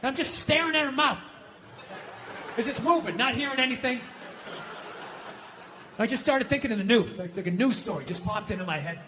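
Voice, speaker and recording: A man's voice: extremely high pitch, expressive, a little fast, long pauses, noisy background. A middle-aged man with an American accent doing stand-up, telling a story in an exasperated, profane rant. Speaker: stand-up comedian. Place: large outdoor amphitheater.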